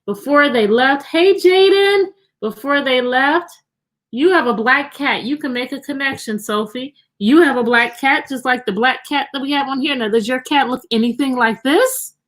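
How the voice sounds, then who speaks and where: A woman's voice: high-pitched, normal speed, a bit bright. A woman teacher hosting a live-streamed storytime from her computer at home, cheerfully greeting children by name.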